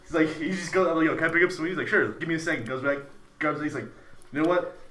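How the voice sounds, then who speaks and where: Laughing man telling anecdotes, slightly high. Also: very fast, echoey room, far from the mic. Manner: laughing, animated anecdote teller. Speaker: podcast guest. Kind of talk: casual chat.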